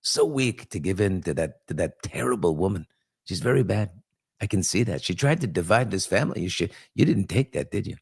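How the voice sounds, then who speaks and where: A man's voice: sits low, expressive, a little fast, creaky, husky, full character voice. A man doing a blustering older tycoon-politician who brags and gossips in a brash, repetitive way. The talk is punchy and full of put-downs. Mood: scornful. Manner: brash, gossipy, repeats words for emphasis.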